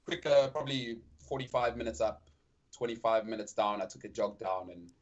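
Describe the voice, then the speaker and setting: Man, South African accent, podcast guest, casual chat, relaxed, slightly muffled audio. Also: fairly low pitch, brisk. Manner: relaxed, repeats words while thinking.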